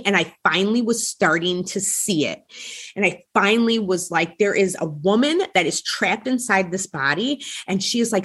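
Husky-voiced woman podcast host telling her story. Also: lowish voice, a bit bright. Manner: candid, conversational, frequent "like" fillers.

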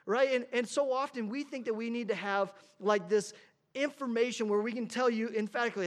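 A man's voice: very high-pitched, moderate pace. A male pastor preaching a conversational sermon in church, often repeating words as he starts his phrases.

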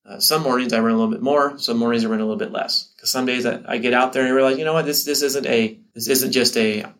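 A man's voice: mid-range voice, steady tone, quick pace, fairly bright tone. Chatty man teacher giving pep talk. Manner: conversational, repeats words and restarts, acts out his own inner dialogue. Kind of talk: casual motivational talk to camera.

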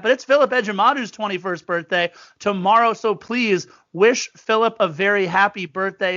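A man co-hosting a casual sports podcast, telling stories with lively quoted voices. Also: high-pitched, no echo, lo-fi sound. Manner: chatty storyteller, animated quoted voices. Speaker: podcast co-host.

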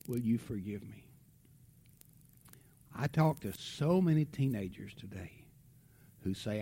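A middle-aged man preaching, telling a family story with lively swings from loud outbursts to hushed tones. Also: mid-range voice, takes it slowly, slight background noise. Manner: animated storytelling, drops to a hush for tender moments. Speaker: pastor. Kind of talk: sermon storytelling.

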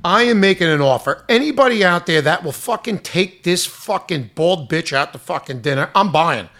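A man rants in a high, gravelly voice that swings wildly up and down as he vents. He is loud, profane and exasperated. His delivery is full of mocking retellings. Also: expressive, normal speed. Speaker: restaurant owner venting. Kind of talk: angry profane rant.

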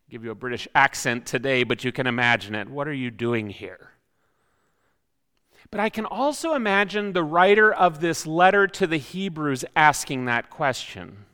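Bright-voiced man preaching in a reverberant hall. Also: sits high, clear, resonant tone. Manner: reflective, many rhetorical questions. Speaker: pastor. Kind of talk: sermon.

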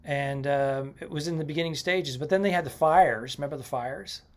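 A man's voice: fairly high pitch, fairly quick. A male stand-up comedian co-hosting a podcast, chatting casually and laughing often.

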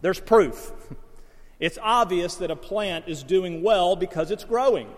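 A man's voice: sits high, unhurried, long reverb tail. A man preaching a sermon as pastor, mixing folksy stories and self-deprecating humor with Bible teaching.

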